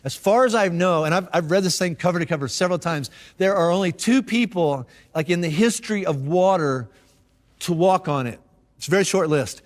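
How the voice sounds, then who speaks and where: A man's voice: high voice, brisk, big-room sound. A man preaching a sermon as a pastor, telling the story in a casual, conversational way with frequent restarts. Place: church auditorium.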